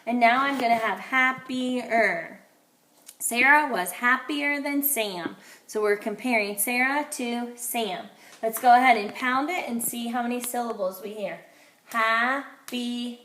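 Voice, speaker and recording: A woman teacher giving a phonics lesson to young children, slowly and clearly sounding out letters and syllables. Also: fairly high pitch, bright, forceful tone, reverberant.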